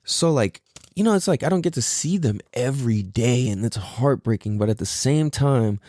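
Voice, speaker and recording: A man's voice: mid-range voice, lively intonation, moderate pace, warm tone, no echo, studio quality. Tired, laid-back young man podcasting. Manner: laid-back slangy talk, heavy swearing. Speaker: podcast host. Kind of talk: casual solo podcast monologue.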